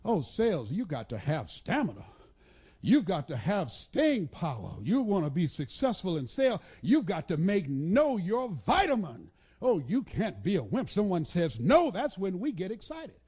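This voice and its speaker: High-pitched, lively motivational speaker man. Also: moderate pace, husky. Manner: preacher-like cadence, builds with repetition, bursts into shouts; commands the audience to repeat and write things down. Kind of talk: motivational speech to a live audience.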